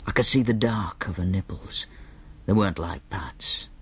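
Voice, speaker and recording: A man with a Northern English accent narrating an audiobook in a deadpan, matter-of-fact manner. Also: sits low, normal speed, husky. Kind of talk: first-person audiobook narration.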